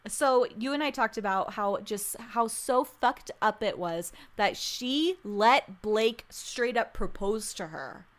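Woman chatting casually, swears a lot, laughs a lot, bit high-pitched. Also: takes it slowly, hardly any pauses. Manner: profane, animated, laughing. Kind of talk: casual chat.

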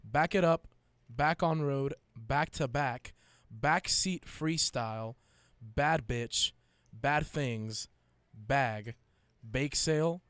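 A young man in casual chat, reading a long list out loud and often breaking into giggles. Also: mid-range voice, very slow, no room sound.

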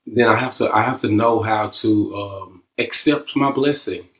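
A man with a lowish voice who talks in a thoughtful, casual, explaining way as host. The sound comes from an echoey room. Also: unhurried, fairly bright tone. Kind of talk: reflective conversation.

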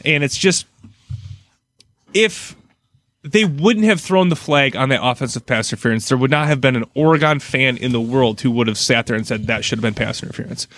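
A man's voice: mid-range voice, animated, a little fast, fairly bright tone, dry recording. A middle-aged man co-hosting a casual sports podcast, rambling and laughing often as he vents his frustration.

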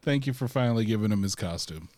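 Man, podcast co-host, laid-back, dry humor, lively pitch, dry close sound. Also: fast, dry recording. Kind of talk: casual pop culture chat.

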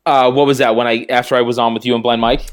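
A man's voice: mid-range voice, little pitch movement, quick pace. A man, a guest on a podcast, telling a story in casual chat, acting out both sides of the conversations and swearing freely. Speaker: podcast guest and radio producer.

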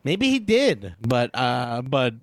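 A man's voice: mid-range voice, wildly swooping pitch, takes it slowly, no room sound, studio quality. A man co-hosting a podcast in casual chat, rambling and hesitant, often repeating himself. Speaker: podcast co-host.

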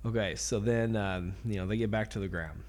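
A man's voice: fairly low pitch, brisk, a little mellow. A man hosting a podcast, chatting casually and telling a long joke in a laid-back storytelling way. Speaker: podcast host.

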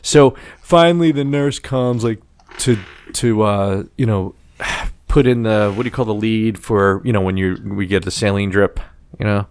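A man's voice: on the low side, normal speed, darkish tone, clean tone. A middle-aged man telling a long, rambling story in casual chat, swearing and restarting often as a podcast co-host.

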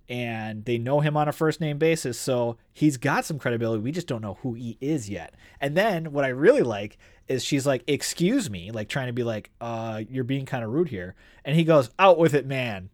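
A man's voice: mid-range voice, normal speed, dry recording, studio quality. A man co-hosting a casual book podcast, reading passages aloud and retelling characters' lines with animation. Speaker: podcast co-host discussing a book.

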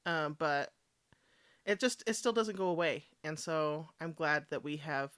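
A speaker in a candid conversation, gentle and supportive, with some teasing. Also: medium pitch, measured pace, clear, resonant tone, no room sound, studio quality.

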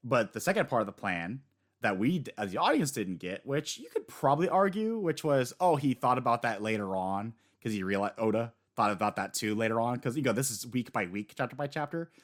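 Male co-host, talky and excitable, mid-pitched voice, casual podcast banter. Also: a little fast. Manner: rambling, animated, swears casually. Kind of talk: casual chat about manga chapters.

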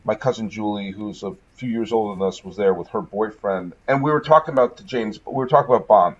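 Husky, wry storytelling man. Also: fairly low pitch, quick pace, highs cut off. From Massachusetts, USA. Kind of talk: casual chat, storytelling.

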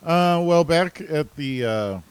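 A man's voice: a little high, animated, slow, clear, resonant tone, poor audio. A man co-hosting a casual recap chat, laid-back and hesitant, with many fillers. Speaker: podcast co-host.

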